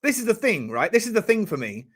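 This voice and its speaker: A man's voice: sits high, very animated, quick pace, fairly bright tone, slightly rough. A man hosting a casual live-stream chat, joking around and reading out viewer messages. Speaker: livestream host.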